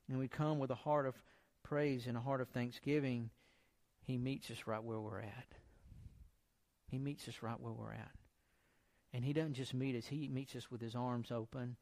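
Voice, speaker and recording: A man delivers a casual, heartfelt sermon at a middle pitch. He talks like he is chatting with his listeners and repeats phrases for emphasis. Now and then he slows down to read scripture aloud. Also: darkish tone. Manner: conversational, encouraging, repeats himself, reads scripture aloud. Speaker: preacher. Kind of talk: informal sermon.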